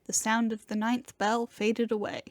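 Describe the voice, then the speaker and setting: A woman's voice: on the high side, level tone, normal speed, dry recording. A woman narrating game text aloud, laughing now and then with friends. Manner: giggles between lines.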